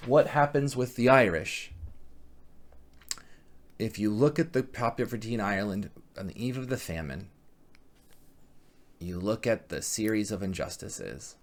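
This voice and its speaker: Halting male history lecturer. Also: fairly low pitch. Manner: halting, frequent restarts and self-corrections. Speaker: history teacher.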